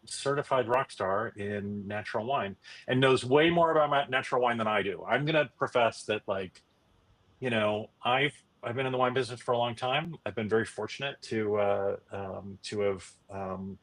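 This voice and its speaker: A man's voice: on the low side, moderate pace, fairly bright tone. A middle-aged man hosting a casual live stream, talking loosely with many fillers and restarts. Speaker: host.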